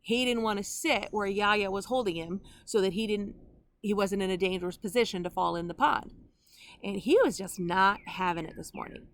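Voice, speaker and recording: A woman's voice: mid-range voice, moderate pace, fairly bright tone. A woman, a grandmother in her fifties or older, teaching the Bible online in an earnest, conversational way with personal asides.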